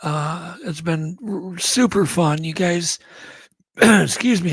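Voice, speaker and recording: A man's voice: high voice, very slow, breathy edge, no echo. A man hosting a radio talk show, signing off in an earnest, thankful way. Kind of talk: show sign-off chat.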